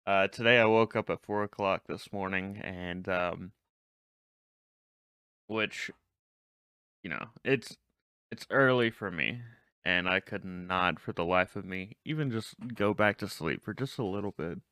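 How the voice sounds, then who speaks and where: A man's voice: low-pitched, unhurried, long pauses, pushed and bright, clean tone, no echo. A man hosting a podcast in casual chat, laid-back and teasing his co-host, laughing easily.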